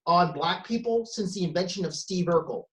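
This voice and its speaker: A man's voice: sits high, moderate pace, fairly bright tone. A man doing stand-up from home during lockdown. He swears freely and delivers punchy lines with sudden emphasis, often correcting himself mid-sentence. The sound comes through a video call. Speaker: stand-up comedian. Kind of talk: stand-up comedy set. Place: at home, self-isolating.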